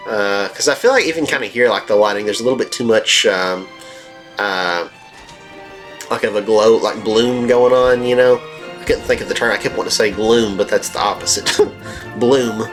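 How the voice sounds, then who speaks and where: A man's voice: on the low side, moderate pace. Joking man narrating gameplay over faint music. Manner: rambling and jokey, with frequent fillers. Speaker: let's play host. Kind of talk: casual gameplay commentary. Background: faint game music.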